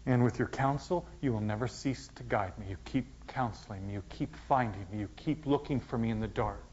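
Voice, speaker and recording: Male pastor, sermon delivery, dramatic loud-to-whisper swings, muffled lo-fi sound. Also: mid-range voice, a little fast, a little hiss or hum. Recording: dull, lo-fi sound.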